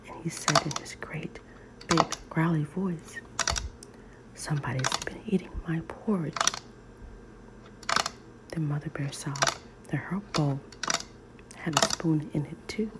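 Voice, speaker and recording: Slow low whispering woman storyteller. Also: heavy background noise. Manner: soft, slow, soothing reading. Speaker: ASMR storyteller. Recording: loud nail tapping clicks.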